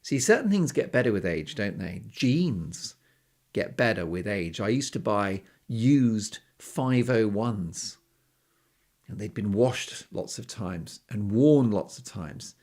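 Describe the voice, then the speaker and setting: Male podcast host, lowish gravelly voice, chatty anecdotal delivery with dry humour. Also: animated, slow pace, a little mellow. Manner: chatty storytelling, wry asides. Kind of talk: casual solo monologue.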